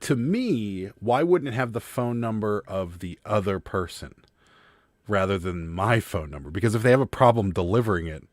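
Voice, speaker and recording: A man's voice: on the low side, no room sound, studio quality. A man co-hosting a casual livestream chat about reselling, telling stories with plenty of laughter. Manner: animated storyteller, quick to laugh. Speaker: livestream co-host.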